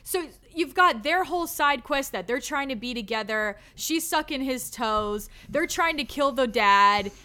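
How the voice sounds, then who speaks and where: A woman co-hosting a casual movie discussion, ranting in an animated, exasperated way with lots of "like". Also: sits high, a little slow, few pauses, clear, resonant tone. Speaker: podcast co-host. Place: recorded live.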